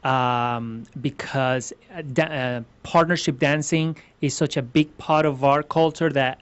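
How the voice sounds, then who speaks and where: A man's voice: mid-range voice, steady tone, a little slow, smooth. A man from Venezuela, a ballroom dance instructor answering interview questions earnestly, explaining step by step with many restarts. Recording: slightly muffled lo-fi sound.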